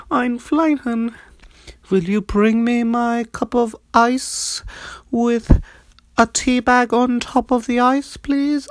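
A man voicing a fussy mock-German gentleman ordering his butler around, in a breathy, drawn-out voice for an improvised sketch. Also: sits high, no room sound.

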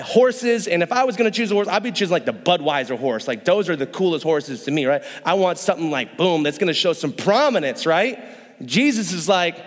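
A young male pastor preaches with a slightly high voice, keeping the sermon light with jokes and quick acted-out voices. His talk rings with a long hall reverb from the church room. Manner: joking, playful, acts out voices.

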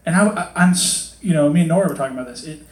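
A man preaching a casual sermon to a congregation in a hot hall, chatty and animated, acting out quotes in different voices. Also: a little high, rapid-fire. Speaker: pastor. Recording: echoey hall.

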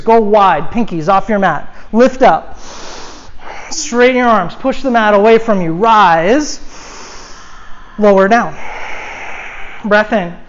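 A woman guides a yoga class in a calm, unhurried voice of middling pitch. She drifts into easygoing, chatty asides full of "like"s. The recording sounds dull and lo-fi. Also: slight background noise. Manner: calm cueing with casual asides, many "like"s. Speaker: yoga teacher.

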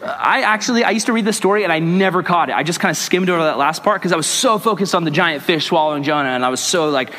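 A man's voice: on the high side, quick pace, few pauses. Upbeat young man teaching in a hall. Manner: energetic, joking, slangy asides between scripture reading. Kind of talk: casual Bible teaching to a group. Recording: long echo of a large hall.

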